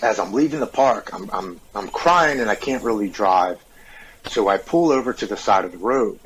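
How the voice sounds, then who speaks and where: Brief: man in his forties, lowish voice, earnest and open storyteller, faint hiss behind. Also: expressive, normal speed, poor audio. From United States. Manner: earnest, open, repeats words when moved. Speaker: podcast guest. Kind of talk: confessional personal storytelling.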